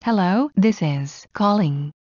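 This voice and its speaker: A woman slowly reading everyday English phrases one at a time for learners. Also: mid-range voice, expressive, a little mellow, no echo, muffled recording. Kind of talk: slow scripted phrase reading.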